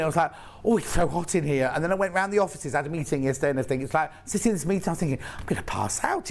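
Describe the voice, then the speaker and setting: Chatty high-voiced man selling live. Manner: chatty, rambling, jokey asides. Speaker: shopping channel presenter. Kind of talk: live TV sales chat. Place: TV studio.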